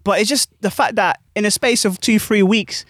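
A young man, a club DJ telling animated stories in casual chat full of slang. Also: high-pitched, normal speed, dry recording, studio quality. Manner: animated, laughing anecdotes with British slang.

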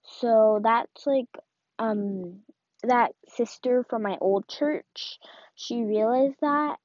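A woman's voice: a little high, drawn-out words, darkish tone, dry recording. A woman giving a casual devotional talk, rambling and full of "like" and "um". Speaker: faith talk host. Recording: dull, dry lo-fi recording.

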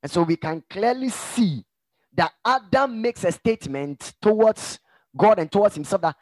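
A middle-aged male pastor preaching a sermon with emphatic swings from hushed asides to shouts, in a gravelly voice. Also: high voice, lively intonation, moderate pace, no echo.

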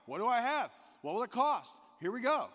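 A man from the American South preaching a sermon in a church, animated, swinging between loud emphasis and quiet intensity. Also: very high voice, normal speed. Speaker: pastor. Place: church sanctuary. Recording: long hall reverb.

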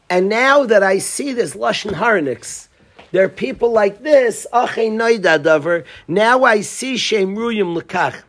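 A man giving a casual Torah class, animated and acting out the lines he quotes. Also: sits high, measured pace. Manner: animated, acts out quoted lines, restarts often. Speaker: Torah teacher.

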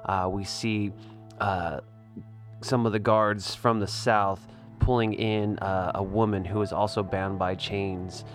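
A man's voice: fairly low pitch, level tone, slow pace, faint music behind. A man narrating as game master in a tabletop game, describing scenes with many fillers.

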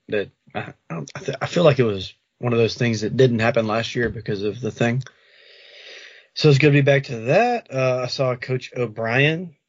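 Husky-voiced man, dry and lo-fi. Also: mid-range voice, dry recording. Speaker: sports podcast co-host. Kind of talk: casual sports chat. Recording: dry, dull lo-fi audio.

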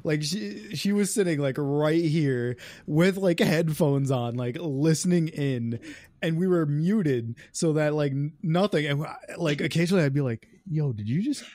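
Young male podcast co-host, slightly high voice, easygoing, dry close mic. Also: measured pace, no room sound. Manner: relaxed, laughing, recounting events. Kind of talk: casual chat.

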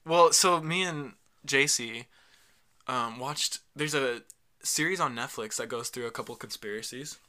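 An easygoing young man co-hosts a casual podcast. His voice has a bright, sharp edge, and he lets his stories wander as he talks. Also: mid-range voice, a little slow. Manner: easygoing, tells stories in a rambling way. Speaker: podcast co-host. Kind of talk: casual chat.

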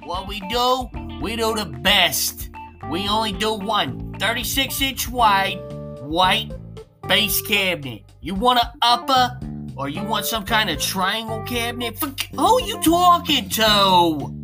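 A man voicing a brash, pushy male cabinet shop owner in a mock radio commercial, drawn-out and gruff. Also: high voice, lively intonation, over music, pitched above the performer's own voice. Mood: brash boasting.

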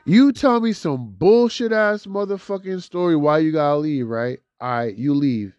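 A young man hosting a solo podcast, venting in a loud, profane, animated way that swings between high outbursts and low mutters. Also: moderate pace, no echo. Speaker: podcast host. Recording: dull lo-fi dry recording.

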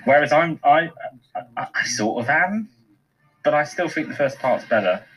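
A man's voice: on the high side, lively intonation, moderate pace, a bit bright, a little hiss or hum, rough recording. A man co-hosting a fan podcast, chatty and gushing as he tells a story about a friend. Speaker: podcast co-host. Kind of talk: casual commentary chat.

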